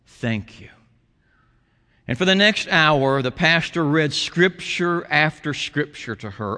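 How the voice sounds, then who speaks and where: A male pastor with a bright, ringing voice delivers a sermon, shifting between storytelling and quiet, tender passages. His words carry a long reverb through the church hall. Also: on the high side. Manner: storytelling with quoted voices, soft and intimate at times. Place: church sanctuary.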